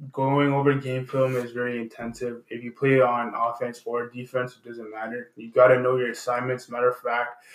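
Emphatic man hosting a debate, roomy echo. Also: medium pitch. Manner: emphatic, opinionated, joking. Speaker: debate show host. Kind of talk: casual debate chat.

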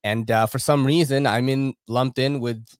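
A man's voice: medium pitch, fairly even intonation, normal speed, no room sound, clean studio sound. A man co-hosting a podcast in loose, joking, profane casual banter. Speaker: podcast co-host.

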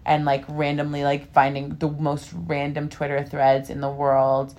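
A young woman in casual podcast chat, her voice sitting on the low side. She rambles and speaks frankly, with lots of fillers. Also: monotone, a little slow, a little mellow. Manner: rambling, filler-heavy, candid. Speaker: podcast co-host.

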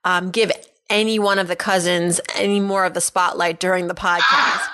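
A woman hosting a podcast interview, asking questions in a friendly way with quick asides. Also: on the low side, very noisy. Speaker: podcast host.

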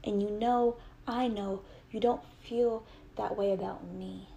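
A woman's voice: mid-range voice, steady tone, unhurried, creaky, warm tone, a little hiss or hum. A young adult woman telling a personal story with earnest, heated retelling and quoted dialogue.

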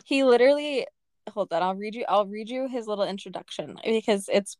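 A young woman chatting casually as a podcast co-host, animated and laughing. She fills her talk with "like" and sounds dry and close to the mic. Her voice sits at an ordinary pitch. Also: a little fast, no echo. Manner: animated, laughing, many "like" fillers. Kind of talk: casual book-review chat.

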